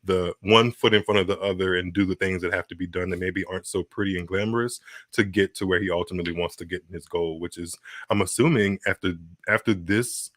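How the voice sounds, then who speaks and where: Low, bright-toned man in casual tennis talk. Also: fairly even intonation, fast talker, dry recording. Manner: rambling, restarts, laughs often. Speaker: podcast co-host.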